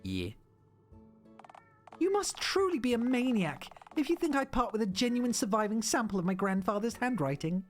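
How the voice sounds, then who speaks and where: Woman doing a snooty villain cat mayor, high and swoopy, big theatrical sneer. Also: big pitch swings, normal speed, soft background music. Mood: scornful. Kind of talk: reading a game's dialogue aloud.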